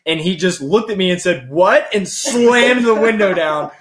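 A man's voice: high voice, moderate pace. A young man casually telling a story among friends, quoting what others said. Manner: animated storyteller, quotes friends.

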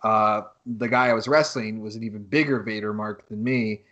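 A man hosting a podcast, talking in casual, animated chat and swearing freely. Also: lowish voice, moderate pace, highs cut off. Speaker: podcast host, wrestler.

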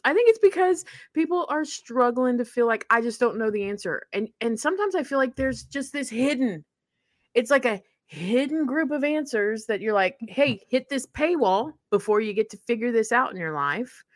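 With a slightly high voice at a moderate pace, this podcast co-host chats casually and tells lively stories, laughing a lot and loudly acting out quotes. The recording is dry, with clean studio sound.

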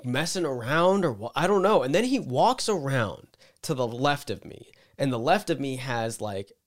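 A young man co-hosting a podcast, telling a story in casual chat, animated and swearing, acting out the people he quotes. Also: mid-range voice, moderate pace. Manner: animated, acts out quotes loudly, swears a lot. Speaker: podcast co-host.

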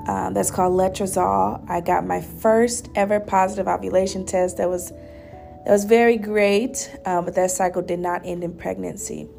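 A young woman speaks in a soft, earnest, reflective way as she hosts her own podcast. Her voice carries a gravelly fry, and she pauses often and restarts her sentences. Faint music plays behind her. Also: medium pitch, steady tone. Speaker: podcast host. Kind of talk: personal faith podcast monologue.

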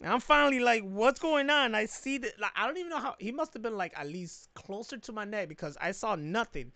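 A man co-hosting a casual chat, telling a story in an animated, profane way with lots of laughter. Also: high-pitched, fast, vocal fry, no echo.

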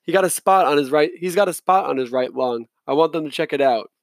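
A worn-out young resident doctor, clipped and offhand, as a male reader acts him out, a little higher than the reader's usual voice. Dry, close sound. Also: fast talker, no room sound, lightly acted. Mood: curt. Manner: curt, muttering. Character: young tired male hospital resident, curt.

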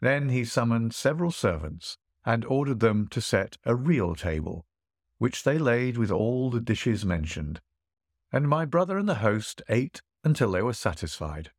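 Expressive male storyteller, dry close sound. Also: medium pitch, dry recording. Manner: measured, expressive reading. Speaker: narrator. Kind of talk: audiobook storytelling.

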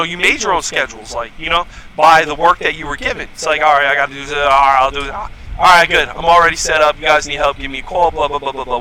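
A man's voice: a little high, sharp tone, poor audio. A man hosting a casual podcast, telling stories in a profane, heated rant. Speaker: podcast host. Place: home podcast setup.

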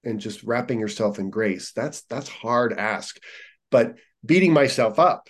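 A man's voice: medium pitch, animated, measured pace. A man who teaches yoga, talking in a casual podcast conversation with an earnest, encouraging coaching tone, repeating phrases for emphasis.

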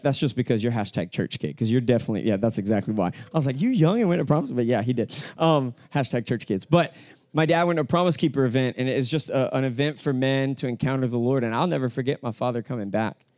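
A man preaching a sermon to a church crowd, his voice sitting at a medium pitch. He slips easily from offhand jokes and anecdotes into emphatic, earnest points. The sound is close and dry, with little room around it. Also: brisk, darkish tone, no echo. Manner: conversational, joking storytelling with emphatic preaching. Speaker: pastor. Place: church hall with live congregation.

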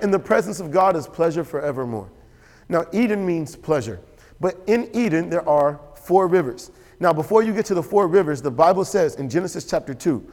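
A man preaching a sermon as pastor, animated and storytelling. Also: on the high side. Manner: animated, storytelling with quoted voices and laughter. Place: church sanctuary. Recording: church hall with long reverb.

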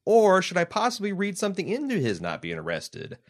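A man's voice: sits high, huge pitch swings, brisk. A man co-hosting a casual podcast, rambling and joking with many restarts as he reads listener mail. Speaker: podcast co-host.

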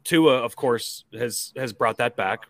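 A man co-hosting a casual sports podcast, chiming in with quick remarks and stammering restarts. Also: mid-range voice, gravelly. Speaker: podcast co-host.

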